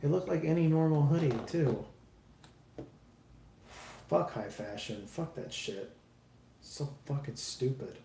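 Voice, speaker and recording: A man's voice: fairly high pitch, lively intonation, takes it slowly, vocal fry, long pauses, mellow. A man live streaming while building a model kit, chatting casually with viewers in a rambling, self-deprecating way and swearing freely. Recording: roomy echo, faint background noise.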